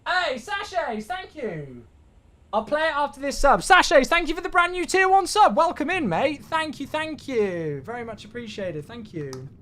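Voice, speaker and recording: A man's voice: very high voice, sing-song, normal speed, pushed and bright. A man streaming a flight simulator, chatting casually with viewers, thanking them and joking to himself.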